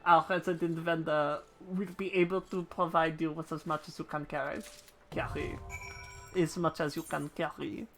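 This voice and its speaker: A man's voice: on the high side, level tone, moderate pace, fairly bright tone, faint music behind, rough recording. A man reading out the lines of a formal noble chocobo trainer in a put-on French accent, stumbling over some words. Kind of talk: reading game dialogue aloud on a live stream.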